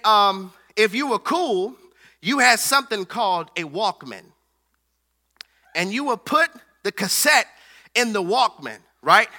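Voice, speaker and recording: High, bright-voiced joking preacher man. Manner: playful, joking, calls on the congregation. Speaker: pastor. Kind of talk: sermon.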